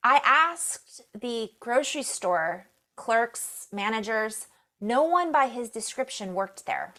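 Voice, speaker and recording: A middle-aged woman giving a spiritual reading, telling a story in a soft, emotional, meandering way. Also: a little high, expressive, takes it slowly. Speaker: spiritual reader.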